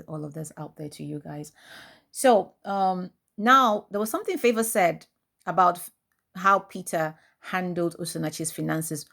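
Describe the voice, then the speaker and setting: A woman host and life coach with a low voice and vocal fry recounts a news story in casual commentary. She translates a clip line by line as it plays, acting out the quoted speech.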